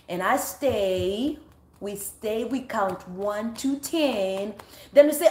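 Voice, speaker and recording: A woman's voice: fairly high pitch, animated, a little slow, roomy sound. A woman preaching a podcast sermon who repeats phrases for emphasis and breaks into laughs.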